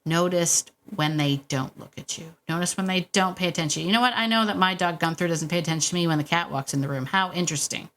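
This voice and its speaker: A woman's voice: lowish voice, fast, few pauses. A middle-aged woman hosting a dog-training podcast, coaching listeners in a casual, encouraging way with frequent laughs and repetition. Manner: warm, encouraging, laughs often, repeats herself.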